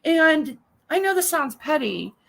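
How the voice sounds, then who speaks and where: A woman's voice: high voice, sing-song, unhurried, gravelly, a bit bright, poor audio. A woman co-hosting a casual chat, telling an exasperated, ranting story. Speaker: co-host.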